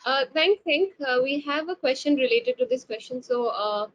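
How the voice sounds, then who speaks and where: A woman's voice: sits high, animated, moderate pace. Woman moderating a webinar, lo-fi call. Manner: filler-heavy, polite, repeats words. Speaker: webinar host. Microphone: video call. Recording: lo-fi web call with faint hiss.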